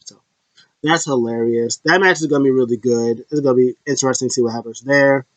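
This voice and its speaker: A man's voice: mid-range voice, fairly even intonation, fairly quick, no echo. A man hosting a casual solo recap, rambling loosely with restarts and fillers. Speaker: wrestling show host. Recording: dull lo-fi dry recording.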